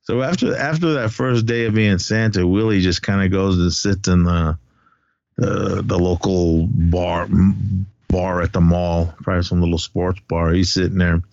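A gravelly man recapping a movie. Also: low-pitched, fairly even intonation, moderate pace, a little mellow, no room sound. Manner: retells scenes, swearing and laughing. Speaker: podcast co-host. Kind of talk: casual movie recap chat. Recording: dull lo-fi recording.

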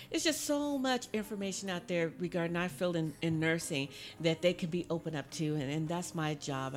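Woman hosting a podcast, lots of yeah right, laughs a bunch, soft music in the back. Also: deep voice. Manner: affirming, laughs often. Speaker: podcast host. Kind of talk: casual chat.

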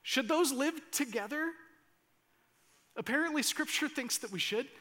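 A man delivers a sermon with earnest conviction, pressing into impassioned emphasis and often restarting his phrases. His voice sits high. It has a bright, ringing edge. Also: lively intonation, unhurried. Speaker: pastor.

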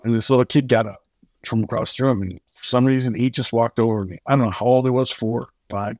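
Brief: middle-aged male guest, mid-pitched, vivid storyteller voicing the people in his story, dry close sound. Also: a little fast, no room sound. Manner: animated storyteller who acts out dialogue. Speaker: charity co-founder and guest; singer-songwriter. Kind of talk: storytelling in a podcast interview.

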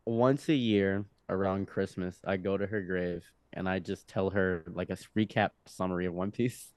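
A young man in his twenties, a podcast guest telling a story in a loose, animated way, with laughs, restarts and swearing. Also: deep voice, normal speed, dry recording. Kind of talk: casual storytelling.

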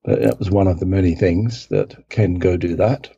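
Middle-aged London man, husky and lowish, rambling storyteller, dry lo-fi line. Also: normal speed, warm tone. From England. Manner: rambling, self-correcting, acts out quotes in other voices. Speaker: guest, film assistant director. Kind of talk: casual anecdotal storytelling.

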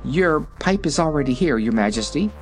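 A man's voice: on the high side, animated, moderate pace, faint music behind, voice pushed up, lightly acted. A man voicing a timid, humble male gnome steward who answers his king meekly, in a storybook reading. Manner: meek and deferential.

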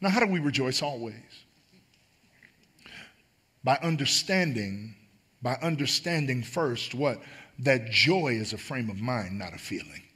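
A man's voice: medium pitch, expressive, unhurried, long pauses, a bit bright, slightly rough. A man preaching a sermon as pastor, emphatic and building on repeated phrases.

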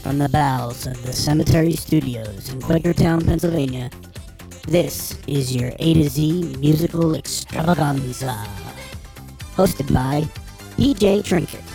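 A man putting on a drawn-out radio announcer voice to introduce a segment, with music playing behind. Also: on the high side, vocal fry, voice pushed up. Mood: announcing.

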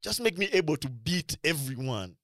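A man chatting casually about films, his voice rising and falling a lot as he tells stories in slang. His sentences often trail off into quiet, low asides. The sound is dry and close, with no room behind him. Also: sing-song, normal speed, dry recording. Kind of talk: casual chat about movies.

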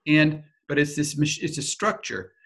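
A man giving a teaching talk, telling a lively personal anecdote in a casual way that includes some swearing. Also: a little high, normal speed. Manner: animated, vivid storyteller with casual swearing.

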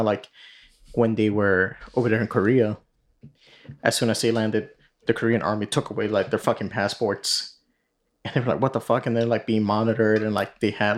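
A man's voice: lowish voice, little pitch movement, fairly quick. A man hosting a podcast, casually retelling a story in a rambling way full of fillers and swearing. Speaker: podcast host.

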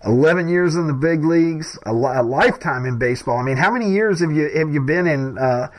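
A man interviewing a guest, asking halting questions broken by fillers. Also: fairly high pitch, expressive.

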